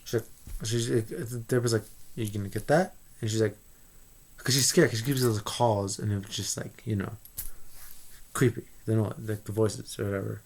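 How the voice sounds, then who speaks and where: A man giving a casual spoiler review of a movie, rambling and excitable with many restarts. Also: lowish voice, normal speed, creaky.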